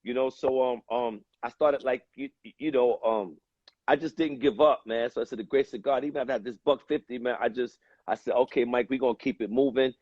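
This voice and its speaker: A man from the United States, a guest telling a story in a relaxed, rambling way, with many pauses and fillers. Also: mid-range voice, no echo, lo-fi sound. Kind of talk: casual storytelling.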